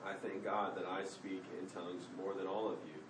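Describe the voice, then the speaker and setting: Man, deep voice, measured speaker, heard from across a noisy echoey room. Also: level tone, far from the mic. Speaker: Bible study participant.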